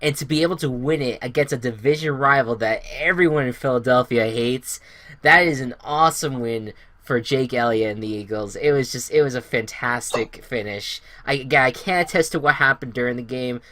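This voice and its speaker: A man's voice: medium pitch, fairly quick, sharp tone, no room sound. Rambling man on a sports podcast. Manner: rambling, many fillers and restarts. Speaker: podcast host. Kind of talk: casual sports podcast chat.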